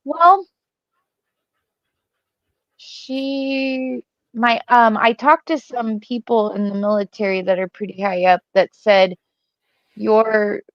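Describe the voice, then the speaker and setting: A woman's voice: medium pitch, no echo. Hesitant woman on a muffled call line. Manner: hesitant, many fillers and restarts while explaining. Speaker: co-host guest. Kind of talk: casual livestream chat.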